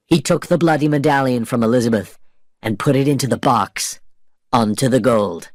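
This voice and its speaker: A man reading a story aloud for English learners, slowly, clearly and expressively. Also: mid-range voice, no echo, studio quality. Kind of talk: slow scripted story narration.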